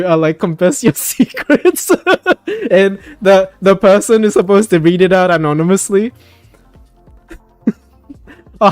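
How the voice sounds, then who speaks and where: A man's voice: high-pitched, a little mellow, dry recording. Profane, laughing man in voice chat. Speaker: streamer hosting a voice chat. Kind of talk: casual voice-chat banter.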